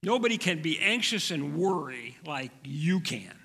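Male pastor, sermon, high voice, slow gentle delivery. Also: big pitch swings, husky, in a large hall. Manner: gentle, slow preaching with soft drops.

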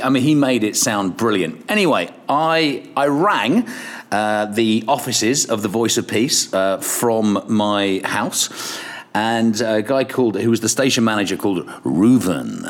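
A man's voice: on the low side, measured pace. Irish man telling rambling radio anecdotes. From Ireland. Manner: rambling anecdotes with frequent restarts, laughs and swearing. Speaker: radio presenter, podcast guest. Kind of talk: casual storytelling interview.

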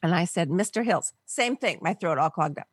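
An older woman from the Los Angeles area, a podcast guest, telling a personal story in an animated way and acting out the voices of people she quotes. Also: on the low side, normal speed, slightly rough, no echo, studio quality. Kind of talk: storytelling in a conversational interview.

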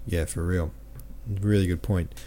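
A man's voice: low-pitched, steady tone, a little slow, mellow. A man hosting a podcast, talking casually and rambling through a book discussion while reading listener comments aloud. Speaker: podcast host.

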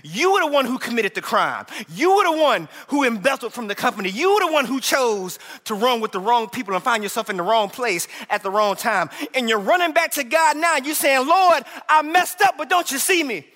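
Impassioned male pastor, high bright voice, preaching in a reverberant church hall. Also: big pitch swings, a little fast, hardly any pauses. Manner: impassioned, rising to shouts when voicing cries to God. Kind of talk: sermon.

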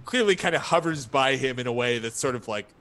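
A man's voice: medium pitch, animated, quick pace, a bit bright. A man co-hosting a podcast, chatting casually, laughing often and swearing freely. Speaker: podcast co-host. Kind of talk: casual chat recapping a TV show.

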